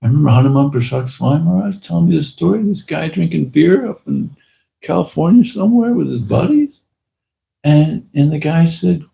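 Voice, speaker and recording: A man giving a casual talk at a temple, telling lively anecdotes and acting out the people in them. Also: on the high side, a little fast, creaky, low-quality recording. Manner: lively anecdotal storyteller, acts out quotes. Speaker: temple speaker.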